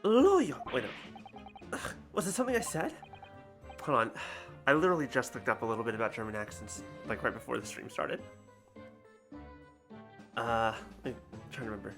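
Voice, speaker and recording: A game streamer chatting casually and joking at their own expense while playing. The pitch moves around a lot, with faint music under the voice. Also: animated, fairly quick, long pauses, bright, forceful tone. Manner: self-deprecating, joking. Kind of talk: casual let's-play commentary.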